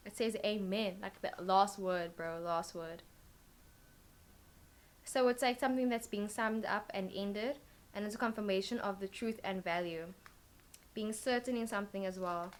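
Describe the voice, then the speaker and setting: A woman's voice: medium pitch, normal speed. Chatty woman giving a tarot reading. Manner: rambling, filler-heavy, thinking aloud. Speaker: tarot card reader. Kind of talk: casual tarot reading vlog.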